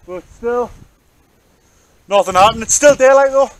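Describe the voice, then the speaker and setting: A man's voice: very high voice, a little slow. A man chatting playfully to the camera while fishing on a windy beach, joking with his friend. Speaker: angler vlogger. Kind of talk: casual outdoor vlog commentary. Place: open beach on a windy evening. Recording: wind noise on the mic.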